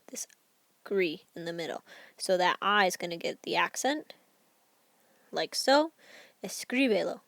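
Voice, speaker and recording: Woman teacher, recorded lesson, patient step-by-step explainer, slight vocal fry, dry close sound. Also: on the low side, fairly bright tone, no echo. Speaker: Spanish teacher.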